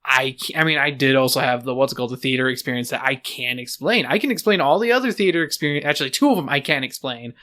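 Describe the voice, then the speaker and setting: A man's voice: mid-range voice, quick pace, hardly any pauses, pushed and bright. A man co-hosting a book podcast, talking in a loose, joking way with lots of fillers and restarts. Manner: joking, rambling, full of fillers. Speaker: podcast co-host. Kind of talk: casual chat.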